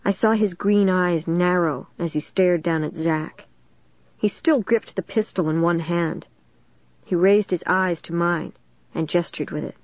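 A woman's voice: fairly low pitch, unhurried, no room sound. A woman narrating a storybook in a tense, dramatic reading. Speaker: audiobook reader. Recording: dull dry recording.

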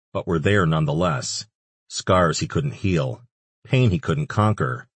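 Deep husky guy reading an audiobook, dead dry close sound. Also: no room sound. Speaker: audiobook narrator. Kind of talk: scripted narration.

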